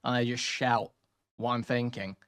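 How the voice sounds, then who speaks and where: A man hosting a reaction commentary, talking loudly, swearing and reacting with animated outbursts while reading from posts. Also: mid-range voice, moderate pace. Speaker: commentary host. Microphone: studio mic with sound deadening.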